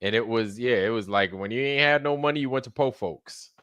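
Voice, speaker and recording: A man riffs and swears through a relaxed stream chat, reacting loudly to his co-hosts. His voice is bright and forceful, and it sounds dry and close on the mic. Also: mid-range voice, brisk, clean tone, no echo. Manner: joking, profane, loud reactions. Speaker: co-host. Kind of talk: casual chat.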